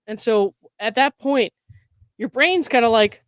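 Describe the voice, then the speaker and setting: A woman's voice: a little high, measured pace, no echo, clean studio sound. Chatty woman host, frank commentary. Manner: chatty, frank, many fillers like "like". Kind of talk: casual commentary.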